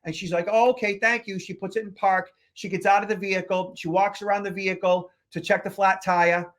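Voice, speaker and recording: Flat in delivery and fairly quick, this man's voice sits high and sounds a bit bright. He's a security consultant from the Boston area co-hosting a podcast, rambling through a long travel anecdote full of fillers.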